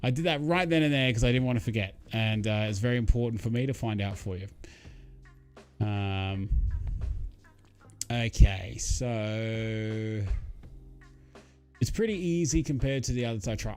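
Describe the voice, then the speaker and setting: A man's voice: mid-range voice, a little slow, pauses often, faint music behind. A man hosting a casual live stream, rambling and chatty as he reads out viewer comments, with many ums and uhs. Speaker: livestream host.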